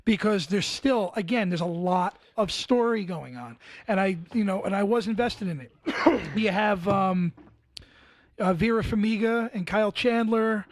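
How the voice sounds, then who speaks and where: A man talking as a podcast guest, halting and casual, swearing freely. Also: high-pitched, dry recording. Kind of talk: casual chat.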